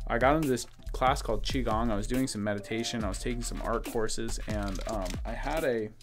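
A young man hosting a card-opening video and telling a personal story in a loose, relaxed way full of ums and likes. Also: medium pitch, fairly quick. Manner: rambling, relaxed, frequent fillers. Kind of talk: casual story time while opening cards. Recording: music playing clearly behind the voice.

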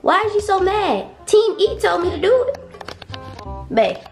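A woman's voice: extremely high pitch, sing-song, unhurried, vocal fry. A young woman filming a prank vlog at home, teasing her boyfriend in slangy, repetitive talk. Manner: teasing, repeats herself, slangy. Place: home, indoors. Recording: echoey room with music underneath. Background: background music.

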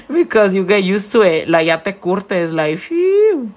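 In an animated, mid-range voice and at a slightly slow pace, a young Californian woman chats on a live stream while doing nails. She's a nail tech and shop owner, answering viewer questions and mixing Spanish words into her English.

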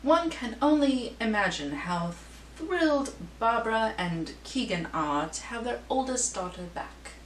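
A woman's voice: fairly high pitch, lively intonation, measured pace, pitched above the performer's own voice. A woman voicing a gossipy female society columnist in a put-on British-style accent, with arch, theatrical delivery. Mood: arch gossip. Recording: roomy echo, distant mic, faint hum.

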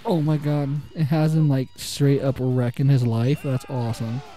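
A young man giving excitable, casual gameplay commentary, trash-talking the computer opponents and laughing often. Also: mid-range voice, moderate pace, soft background music. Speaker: gaming channel host.

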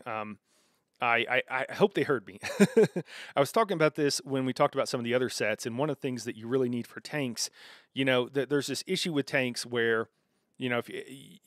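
A man's voice: medium pitch, dry recording, studio quality. A man streaming a game, talking casually with viewers and reacting to their chat, with many fillers and restarts. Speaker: gaming streamer. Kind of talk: casual live-stream commentary.

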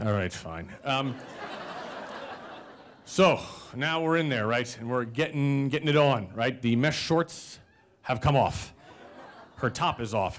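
A man in his forties telling a comic personal story live on stage, self-mocking, with animated quoted voices and audience laughter behind. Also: mid-range voice, slight background noise.

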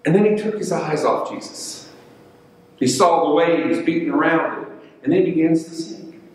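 A man's voice: on the high side, expressive, normal speed. Man preaching in an echoey church. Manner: storytelling, acts out quoted voices. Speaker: pastor. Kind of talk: sermon. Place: church sanctuary. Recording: echoey church hall, mic at a distance.

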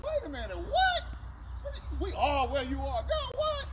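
A woman's voice: extremely high pitch, wildly swooping pitch, moderate pace, distant mic, exaggerated voice. A woman playing Alicia, a sassy young woman lost in a strange world, exclaiming and calling everyone girl and honey in a comedy sketch. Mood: sassy, bewildered. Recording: roomy sound from off-mic with clear noise.

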